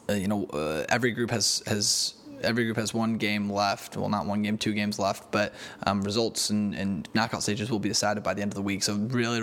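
A man hosting a casual soccer podcast, talking in a halting way with many fillers and restarts. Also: on the low side, fairly bright tone. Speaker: podcast host. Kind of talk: casual sports chat.

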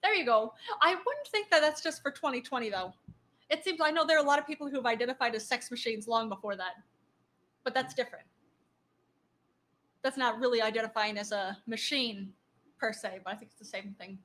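A woman's voice: a little high, a little fast, fairly bright tone. A woman co-hosting a casual podcast, rambling and laughing often as she reads out listener comments. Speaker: podcast co-host.

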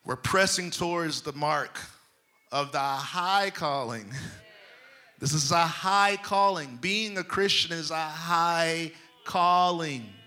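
A man preaching a sermon, moving between loud emphatic lines and hushed near-whispers, often checking in with his congregation. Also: a little high, slow pace. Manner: addresses the congregation directly, checking in with them.

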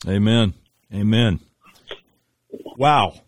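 A man's voice: on the low side, extremely slow, slight background noise. A man hosting a radio show, politely encouraging a guest on the phone. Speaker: radio host.

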